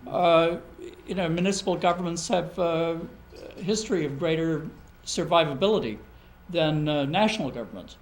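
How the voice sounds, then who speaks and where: Halting man full of filler ums. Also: a little high, rough recording. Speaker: village trustee. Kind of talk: public budget meeting. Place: council meeting room.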